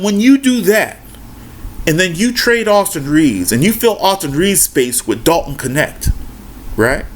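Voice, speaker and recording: Animated man ranting about basketball. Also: on the high side, a little slow. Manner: emphatic, repeats "right?" and "man", profane. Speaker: basketball YouTuber. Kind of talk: casual opinion rant.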